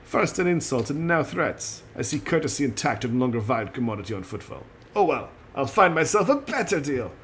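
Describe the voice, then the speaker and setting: A man's voice: mid-range voice, sing-song, fairly quick, few pauses, fairly bright tone, slight background noise. Brief: proud, scornful space-pirate woman, rakish rogue, read by a male streamer. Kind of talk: voicing game dialogue on a stream.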